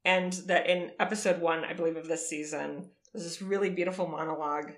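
A woman's voice: lowish voice, fairly even intonation, brisk, roomy sound. A woman podcast co-host in casual chat, emotional and teary, laughing through sobs.

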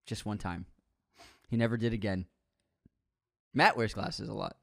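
A man's voice: on the low side, steady tone, unhurried, vocal fry. A man co-hosting a casual film-news podcast chat, joking and laughing often. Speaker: podcast co-host.

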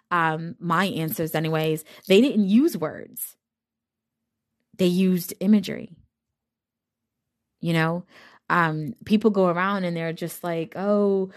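A woman giving a fired-up, blunt spiritual rant full of swearing, talking straight to her viewers. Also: lowish voice. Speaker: spiritual reader. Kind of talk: ranting monologue.

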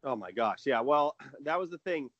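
A man's voice: mid-range voice, lively intonation, normal speed, a bit bright, no echo, highs cut off. A man talking casually and with enthusiasm as a guest analyst on a podcast, rambling with restarts.

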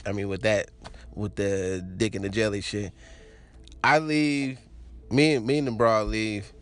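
A man's voice: medium pitch, fairly bright tone. A young adult man casually telling a crude personal story, laughing often and acting out the voices of the people in it.

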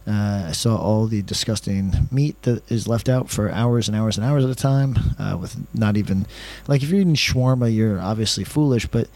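A man's voice: on the low side, normal speed, few pauses, a little mellow, poor audio. Sarcastic, ranting man. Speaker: travel vlogger. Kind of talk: casual rambling monologue. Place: hotel room.

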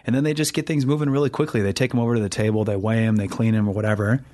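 A man recounting a personal story in a relaxed, earnest way, chatting casually with his partner. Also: lowish voice, very fast. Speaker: new father, co-host.

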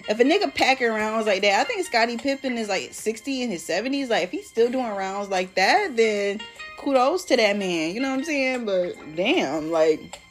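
A woman's voice: on the high side, lively intonation, normal speed, faint music behind. A young woman hosting a casual solo podcast, chatting in a slangy, rambling way with lots of "like", and feeling emotional today. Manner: slangy and rambling, heavy use of "like". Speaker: podcast host.

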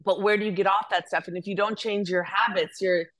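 A woman guest in casual chat, telling stories in a chatty, animated way with frequent restarts. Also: mid-range voice, a little fast.

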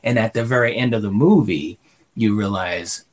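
A man's voice: mid-range voice, lively intonation, normal speed. A man co-hosting a podcast, talking through a movie review in a rambling, casual way full of fillers. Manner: rambling, filler-heavy, often says "you know". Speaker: podcast co-host.

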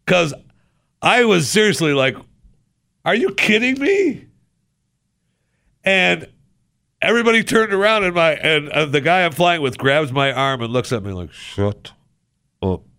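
A male radio host ranting sarcastically in a talk show monologue, with loud exasperated bursts. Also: a little high, lively intonation, moderate pace, gravelly, clear, resonant tone, no room sound, studio quality.

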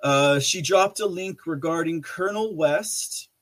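Man, live podcast host, slightly higher voice, casual rambling, reads chat, frequent fillers and restarts. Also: a little slow. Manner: rambling with many fillers and restarts, laughs often, reads chat messages aloud.

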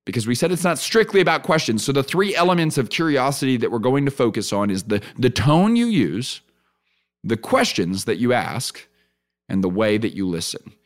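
A man at a middle pitch, hosting a solo podcast in an earnest, teaching tone. He repeats key phrases for emphasis and drops in a conversational "right?" now and then. When he acts out examples he turns lively and laughs easily. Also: normal speed. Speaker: podcast host.

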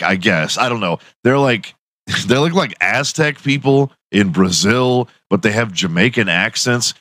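A man's voice: medium pitch, fairly bright tone, no room sound. A young man hosting a podcast, telling a profane, laughing story in casual monologue. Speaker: podcast host.

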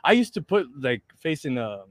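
A man's voice: medium pitch, sing-song, moderate pace, no room sound. A man guesting on a podcast, talking enthusiastically and casually, often saying bro and swearing. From outside America. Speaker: guest, pro wrestler. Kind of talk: casual interview chat.

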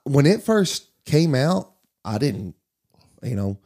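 A man's voice: mid-range voice, big pitch swings, takes it slowly, mellow. A man, a pastor hosting the talk, speaking candidly and easily in casual conversation. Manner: easygoing, candid, storytelling. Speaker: pastor and podcast host. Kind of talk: casual chat.

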